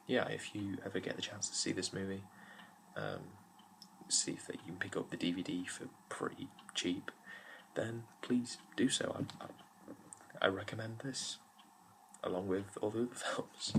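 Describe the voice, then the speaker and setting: A man's voice: low-pitched, unhurried, vocal fry, a bit bright, a little hiss or hum, rough recording. A young man giving a casual, rambling film review on his channel, full of fillers and restarts.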